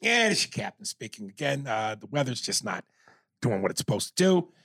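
A man imitating an airline captain making calm, drawn-out intercom announcements full of "uh"s. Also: mid-range voice, creaky, no echo, clean studio sound, heavily acted. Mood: weary calm. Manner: flat announcer patter with drawn-out "uh"s.

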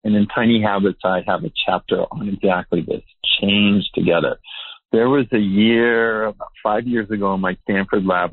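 A man's voice: lowish voice, slightly rough, no room sound. A male researcher, interviewed as a guest, explaining his ideas in an earnest, emphatic way. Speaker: behavior researcher. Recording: tinny phone-like line.

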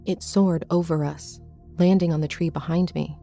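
A woman narrating a first-person horror story in a measured, suspenseful reading. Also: low-pitched, steady tone, vocal fry, dark tone, soft background music.

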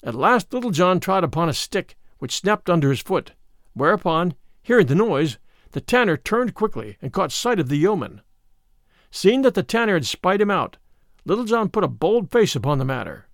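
A man reading an old-fashioned tale aloud with an expressive delivery. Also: high-pitched, normal speed, no room sound, studio quality. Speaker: narrator. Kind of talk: storybook read-aloud.

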